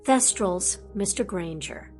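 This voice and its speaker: Storybook old headmaster, formal and measured, calm but stern, read by a woman narrator. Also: lowish voice, soft background music.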